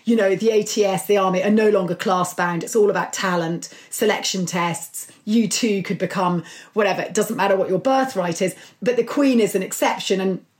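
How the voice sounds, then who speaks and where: A middle-aged woman being interviewed about her book, telling stories with lively enthusiasm. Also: medium pitch, fairly quick, few pauses. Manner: enthusiastic, animated storytelling. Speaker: author and guest. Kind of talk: conversational interview.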